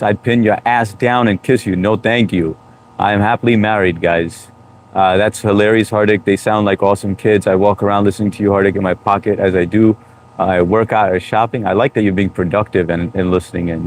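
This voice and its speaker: A man hosting a casual live stream, joking around and greeting viewers by name as he reads their comments. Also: fairly low pitch. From United States. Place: home room, New York.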